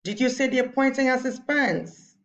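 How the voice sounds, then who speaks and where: A woman's voice: sits high, normal speed, muffled recording. A woman teacher giving a recorded lesson to children, patiently repeating her points.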